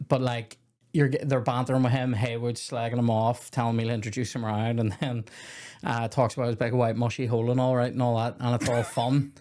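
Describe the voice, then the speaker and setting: A man's voice: medium pitch, darkish tone. Rambling man hosting a film chat. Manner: rambling, swearing, self-interrupting. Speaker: podcast host. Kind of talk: casual film review chat.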